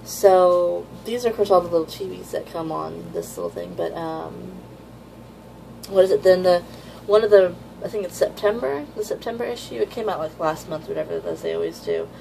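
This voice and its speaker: A woman talks her way through a new manga volume at home, rambling and breaking into excited gushing. Her voice has a gravelly fry and a slightly sore throat. A faint hiss sits behind her. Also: fairly low pitch, normal speed, poor audio. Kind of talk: casual unboxing chat.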